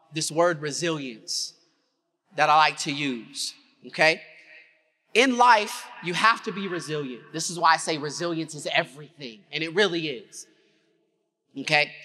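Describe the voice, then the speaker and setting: A man's voice: a little high, expressive, moderate pace, bright, forceful tone. A man giving a motivational keynote, telling his story dramatically and drawing the audience into call-and-response. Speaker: keynote speaker. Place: large conference hall. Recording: reverberant conference hall.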